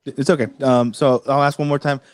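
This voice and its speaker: A man's voice: mid-range voice, flat delivery, fairly quick, clean tone, no room sound. Man, livestream host, casual tech chat, rambling, fillers, dry close sound. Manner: rambling, lots of fillers and restarts.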